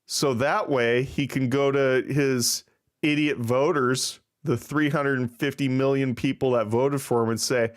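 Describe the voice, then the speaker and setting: A man's voice: medium pitch, fairly even intonation, measured pace. A man hosting a casual livestream, rambling and self-deprecating with plenty of swearing. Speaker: livestream host. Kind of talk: casual live-stream chat.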